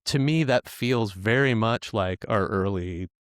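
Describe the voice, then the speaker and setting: A man with a low voice tells stories in a loose, rambling way. He restarts his sentences often and trips over his words. The sound is dry and close to the mic. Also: measured pace, clean tone, dry recording. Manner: rambling storyteller with many restarts and stammers. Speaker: developer educator, guest. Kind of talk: casual podcast conversation.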